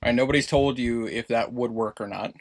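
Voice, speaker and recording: A man running a tabletop game as game master, narrating the scene in an animated way. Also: mid-range voice, fairly quick. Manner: animated, lively narration with put-on townsfolk voices.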